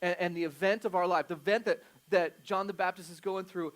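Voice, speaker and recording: A middle-aged male pastor giving a sermon in a conversational, joking way, swinging from loud emphasis to quiet asides. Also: high-pitched, steady tone, fairly quick, hardly any pauses.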